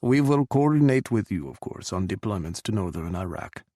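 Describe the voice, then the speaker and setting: A man's voice: fairly low pitch, lively intonation, normal speed, mellow, dry recording, clean studio sound. A man voicing a scheming, restless Russian president with a thick Russian accent and a smirking, cutting manner. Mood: sly.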